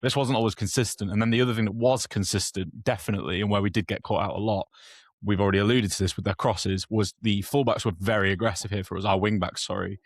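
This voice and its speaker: A man's voice: lowish voice, steady tone, fast, no echo, clean studio sound. A man co-hosting a football podcast, talking through match tactics at length in a rambling, self-correcting way. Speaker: podcast co-host. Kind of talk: casual football analysis.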